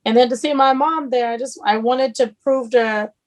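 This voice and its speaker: Animated woman guest, slightly high voice. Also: normal speed. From Texas. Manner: animated storyteller. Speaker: guest chef. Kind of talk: casual podcast interview.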